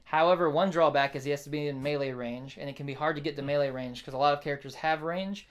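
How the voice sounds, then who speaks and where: A man's voice: a little high, fast. A man in casual chat, animatedly telling a story about a tabletop game and promoting it. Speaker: game creator promoting his game.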